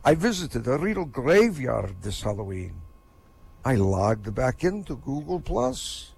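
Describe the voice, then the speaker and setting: A man's voice: mid-range voice, very animated, takes it slowly, gravelly, darkish tone, husky. A man doing a stand-up comedy set of corny jokes in a vampire persona, in an online voice chat.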